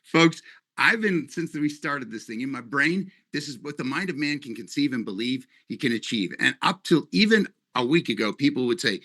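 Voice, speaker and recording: A man from Canada leading his company's webinar, talking in a rambling, animated, joking way. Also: mid-range voice, fairly quick. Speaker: company leader. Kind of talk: live webinar presentation.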